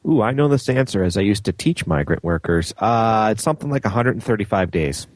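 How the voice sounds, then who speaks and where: A man's voice: lowish voice, lively intonation, fairly quick, no echo. A man co-hosting a gaming podcast, chatting casually with jokey, playful interjections. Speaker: podcast co-host. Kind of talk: casual chat.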